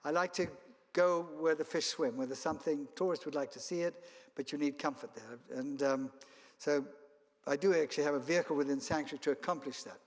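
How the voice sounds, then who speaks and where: Travel company founder, a man raised in Kenya and South Africa, telling rambling stories on stage in a reverberant hall, voice slightly high. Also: brisk. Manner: rambling storyteller with restarts and chuckles. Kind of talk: keynote talk with anecdotes. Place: event hall.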